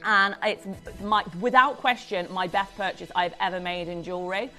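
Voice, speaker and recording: A woman's voice: medium pitch, moderate pace, bright, forceful tone, faint music behind. A woman presenting on a live shopping channel, selling jewellery with gushing, effusive patter.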